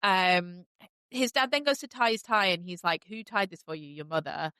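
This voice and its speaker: Podcast host, woman, bright clear voice, casual rambling recap, dry close mic. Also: on the low side, normal speed, no echo. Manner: chatty, many fillers, animated gushing.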